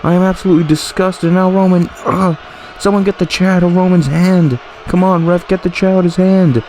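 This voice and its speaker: A man giving excited play-by-play commentary over a wrestling video game, calling the action as it happens. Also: high-pitched, brisk, slight background noise. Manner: excited, exclamatory ringside calling.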